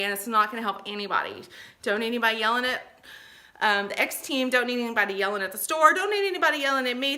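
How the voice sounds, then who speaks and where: A woman's voice: on the high side, bright, forceful tone. A middle-aged woman giving tips in a casual, chatty vlog, reassuring and full of fillers and asides. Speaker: vlogger giving shopper tips.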